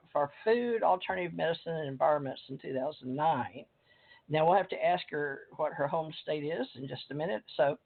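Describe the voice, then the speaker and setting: A woman's voice: low voice, vocal fry. Older woman host, chatty and rambling, calling in on a tinny phone line. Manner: chatty, rambling, reads a bio aloud. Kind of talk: casual call-in interview. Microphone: phone or computer call.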